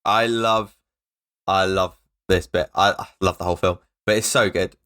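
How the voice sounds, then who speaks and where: A man's voice: sits low, steady tone, moderate pace, bright, forceful tone. Guy gushing about a movie on a podcast, keeps slipping into funny quote voices. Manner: enthusiastic, quotes film lines in put-on voices. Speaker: podcast co-host. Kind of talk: casual film review chat.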